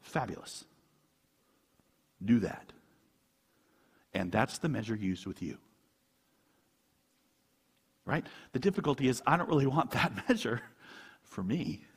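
A man's voice: mid-range voice, lively intonation, takes it slowly, pauses often, breathy edge, long reverb tail. A man preaching a conversational sermon as a pastor, asking rhetorical questions and chuckling often.

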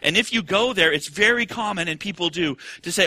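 A middle-aged man preaching a sermon as pastor, full of rhetorical questions and acted-out quotes, swinging from quiet musing to shouted excitement. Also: sits high, brisk, hardly any pauses, dry recording.

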